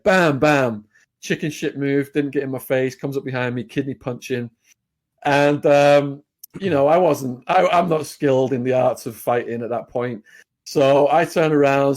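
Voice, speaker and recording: English guy on a podcast, blunt storyteller, lots of ums and restarts, middle pitch. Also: darkish tone. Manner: blunt, plain-spoken, with fillers and restarts. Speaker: podcast guest. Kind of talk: casual storytelling.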